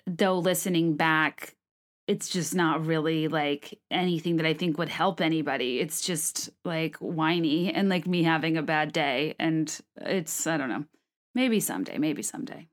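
A woman in her late twenties with a slightly low voice talks quickly and casually, using lots of filler "like"s. She then reads her own blog post aloud in a conversational monologue. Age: late 20s. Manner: fast-talking, many filler "like"s.

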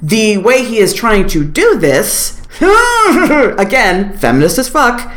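A woman podcast host talking in casual chat, recapping with sarcasm and a lot of profanity. Her voice swoops up and down with lively energy, and the sound rings a bit in a roomy, echoey space. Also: on the high side, slow pace. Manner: animated, sarcastic, profane storytelling. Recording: roomy echo.

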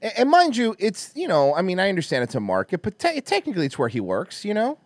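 A man doing casual reaction commentary on a video, mocking and swearing loudly, often breaking into laughter. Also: high voice, huge pitch swings, fast, background noise. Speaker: reaction streamer.

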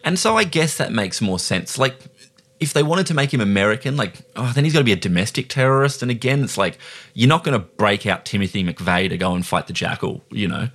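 A man's voice: fairly low pitch, lively intonation, a little fast, a bit bright. A man co-hosting a casual film podcast, talking loosely and jokily with lots of "like" and "you know.".

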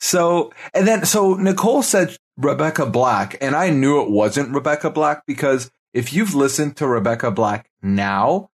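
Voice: medium pitch, expressive, a little slow, few pauses, husky. A podcast co-host chatting easily and chuckling between remarks. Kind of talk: casual chat.

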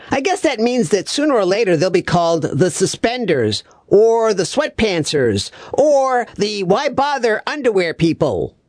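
A woman's voice: mid-range voice, no echo, clean studio sound. A woman playing a clueless, overeager male reviewer in a scripted comedy monologue, full of malapropisms and doubled words. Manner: chirpy, absent-minded, malapropisms and doubled words.

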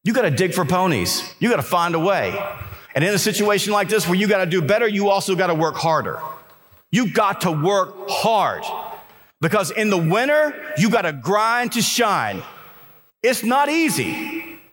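A man giving an energetic motivational speech to a live audience in a conference hall, telling stories and urging listeners to work hard. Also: high voice, moderate pace, a crowd in the background. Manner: energetic storytelling with repeated restarts and emphatic exhortations. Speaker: motivational keynote speaker.

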